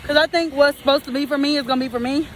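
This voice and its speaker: A woman's voice: high-pitched, fairly even intonation, racing, a little hiss or hum. Chatty young woman vlogging by her car. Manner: chatty, repeats phrases, addresses viewers as y'all. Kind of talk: casual vlog chat to viewers.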